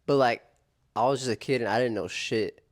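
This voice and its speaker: A man's voice: medium pitch, fairly quick. A young man casually telling a story on a couple's vlog, laid-back and slangy, swearing and saying "dude" and "bro". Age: young adult.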